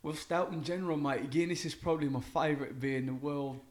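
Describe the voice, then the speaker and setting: A man's voice: a little high, fast talker, lightly acted. A man voicing a crude, swearing Welsh bloke with a put-on British accent, grudging and blunt in an improvised comedy bit. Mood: gruff.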